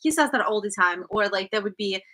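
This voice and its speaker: Chatty woman with a bright voice. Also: medium pitch, expressive, fast. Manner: chatty, laughing storyteller. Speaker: co-host. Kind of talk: casual Q&A chat.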